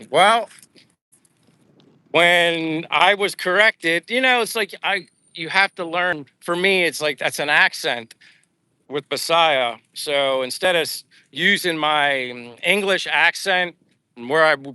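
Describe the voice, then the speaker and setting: A man from the United States talks casually as he walks outdoors and streams live from his phone. His voice is bright and crisp, and it sits a little high for a man. He chats in a relaxed, rambling way, with plenty of "uh" and "like" as he answers his viewers. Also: slow pace, no room sound. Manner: relaxed, chatty, reads out viewer comments with many fillers. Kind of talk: casual live-stream chat while walking. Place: outdoors on a seaside boulevard.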